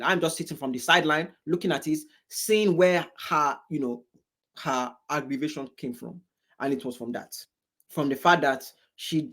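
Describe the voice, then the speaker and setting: A man from Africa giving casual reaction commentary, rambling and repeating himself with exasperated asides. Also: high-pitched. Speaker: commentator reacting to a debate show.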